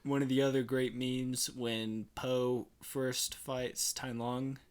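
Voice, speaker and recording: A young man co-hosting a casual podcast, relaxed and easygoing in conversation. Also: medium pitch, slow pace, clear, resonant tone. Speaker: podcast co-host.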